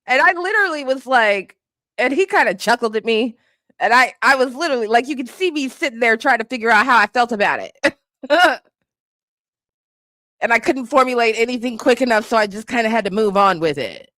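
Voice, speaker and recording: Giggly woman streamer, lively voice. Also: on the high side, a little fast, no room sound, studio quality. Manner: laughs often, reacts playfully to chat guesses; swears casually, teasing. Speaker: livestream host reading chat. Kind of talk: casual livestream chat.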